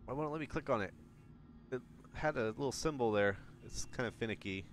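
A man's voice: medium pitch, brisk, a little hiss or hum. A man commenting casually as he plays a horror game, muttering to himself and reading notes aloud. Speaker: gamer. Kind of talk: let's play commentary.

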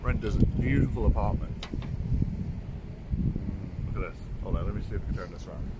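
Casual male vlogger, excitable, swears a lot, phone mic, noisy background. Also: on the low side, fairly quick. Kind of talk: casual vlog chat.

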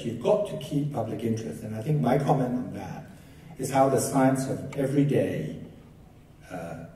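Mellow-voiced man lecturing in echoey hall. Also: fairly low pitch, recorded from a distance, a little hiss or hum. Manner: conversational, lightly humorous storytelling. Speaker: keynote lecturer. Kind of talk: academic lecture with anecdotes. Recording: echoey hall, picked up from afar.

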